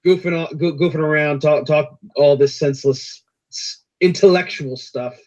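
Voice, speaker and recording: Halting young man on a dull stream. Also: a little high, a little mellow. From United States. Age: young adult. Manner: hesitant, stumbling over words. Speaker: guest. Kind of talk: casual livestream chat.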